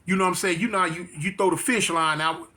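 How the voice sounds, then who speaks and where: A man's voice: high voice, fairly even intonation, fast, bright, forceful tone. A man casually telling a story, with streetwise slang, emphatic repeats and frequent restarts. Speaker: interview guest.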